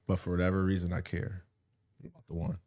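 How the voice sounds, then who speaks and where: A man hosting a podcast in casual chat, an animated storyteller who drops quiet and heavy, then turns loud and laughing, thinking aloud with restarts. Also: deep voice, fast talker, vocal fry. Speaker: podcast host.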